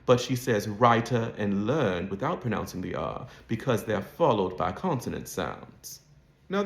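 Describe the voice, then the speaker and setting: A man's voice: mid-range voice, reverberant. A man coaching an accent, explaining and demonstrating sounds in a lesson.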